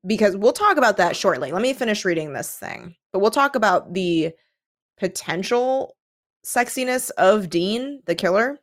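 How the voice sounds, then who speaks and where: A woman co-hosting a casual chat, retelling a story with lots of "like" and quick voiced asides. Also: mid-range voice, lively intonation. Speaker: podcast co-host. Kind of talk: casual chat recapping a book.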